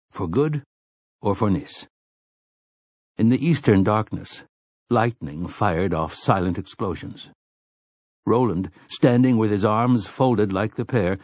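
A man narrating an audiobook in measured, even storytelling. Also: fairly low pitch, no echo. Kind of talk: scripted narration.

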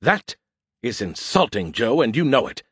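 A man's voice: mid-range voice, big pitch swings, moderate pace, fairly bright tone, slightly rough, no echo, clean studio sound. A man voicing a boastful, snarky male AI that lives in a beer can, in a raised, self-important tone. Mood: indignant.

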